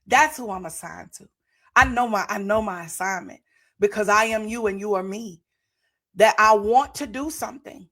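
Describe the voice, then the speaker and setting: A woman's voice: medium pitch, normal speed, bright, forceful tone. A woman in her forties hosts a podcast, giving a fervent motivational testimony to viewers in a preacher-like way and repeating phrases for emphasis. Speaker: podcast host.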